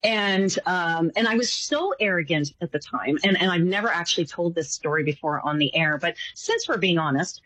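A woman's voice: lowish voice, moderate pace, hardly any pauses, poor audio. A woman guest telling a personal story in a casual interview, acting out the voices of the people in it. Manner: animated, acts out voices in her stories. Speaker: psychic guest.

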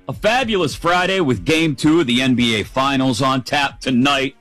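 A middle-aged man hosting sports talk radio, in an upbeat, playful way that wanders from topic to topic. His voice sits at an ordinary pitch. The studio sound is dry and close. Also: moderate pace, few pauses, a bit bright, dry recording, faint music behind, rough recording.

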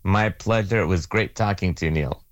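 A man, a magazine editor, giving thoughtful interview answers in a measured way with frequent restarts. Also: low voice, no echo, dull audio.

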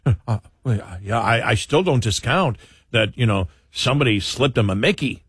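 A man co-hosting an overnight talk radio show in loose, casual banter. His husky voice stumbles through repeated starts and half-finished phrases. It is recorded dry and close in the studio. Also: medium pitch, animated, normal speed, fairly bright tone, dry recording. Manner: stammering restarts, chuckling.

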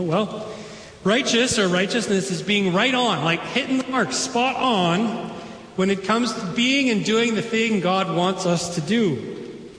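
A man's voice: high-pitched, a bit bright. A man preaching a sermon as pastor, in a casual, enthusiastic way with chatty asides. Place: church sanctuary. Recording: echoey church hall.

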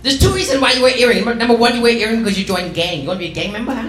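A man's voice: very high voice, very fast. A man voicing a strict, scolding middle-aged mother who interrogates in broken English. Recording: echoey room with background noise.

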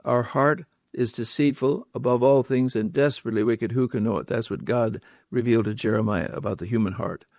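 Preacher, male, mid-pitched, dry close sound, emphatic with repeated words and rhetorical questions. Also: fairly quick, few pauses, darkish tone, dry recording. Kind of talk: sermon.

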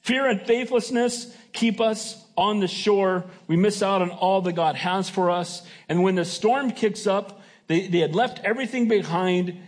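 A man's voice: sits high, measured pace. A middle-aged man preaching a sermon in a conversational way, often checking in with his congregation. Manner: conversational preaching with frequent "Amen?" call-outs. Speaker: pastor.

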